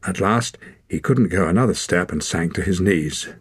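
A man reading a story aloud as audiobook narrator, in measured, even scripted narration. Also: deep voice, husky, dry recording.

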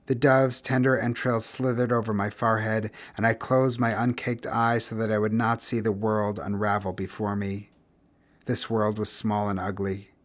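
A man narrating literary fiction as an audiobook, in a measured, expressive reading voice. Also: mid-range voice. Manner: measured, expressive, grows quiet and somber.

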